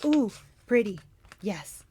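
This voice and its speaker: A woman voicing a gentle, childlike young male cyclops who speaks simply and innocently. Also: medium pitch, very animated, takes it slowly, slight background noise.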